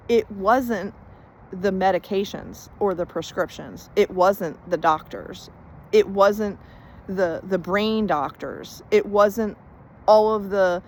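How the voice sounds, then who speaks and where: Lower-voiced woman sharing a chatty faith testimony. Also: slight background noise, poor audio. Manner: chatty storytelling, reenacts conversations with "and I'm like"; earnest, emphatic about faith. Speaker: faith-based life coach. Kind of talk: casual personal testimony.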